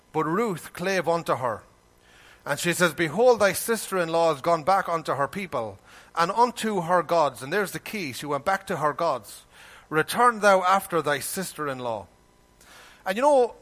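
A man preaching a sermon, animated and full of rhetorical questions, with folksy everyday grammar. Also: fairly high pitch.

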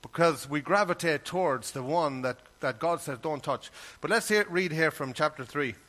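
Man, preacher, sermon, bright tone, earnest, conversational, reads scripture. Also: a little high, normal speed.

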